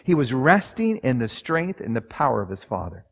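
A man preaching a sermon, moving from quiet personal storytelling to loud, dramatic scripture readings. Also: medium pitch, big pitch swings, normal speed.

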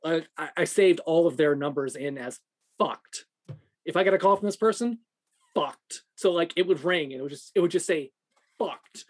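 A podcast co-host telling a work story in casual, profane, animated talk. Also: medium pitch, normal speed.

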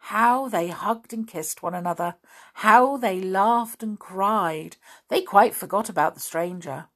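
Storyteller: a woman reading a storybook aloud, expressive, gently emotive. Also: medium pitch, unhurried.

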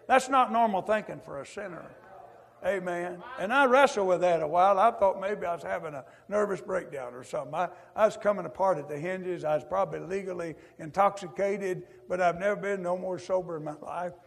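A preacher's testimony in a high, gravelly voice, his folksy drawl carrying a long echo off the hall. He swings from loud to hushed and keeps tossing in "amen.". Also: fairly quick. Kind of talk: testimony sermon. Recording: echoey hall.

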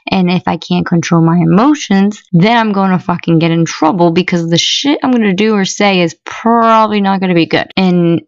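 A woman with a low, gravelly voice tells a story on her podcast in a blunt, animated way, swearing freely as she vents. The recording sounds dull and lo-fi, very dry, with no room sound around her. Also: no echo. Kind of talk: casual storytelling monologue.

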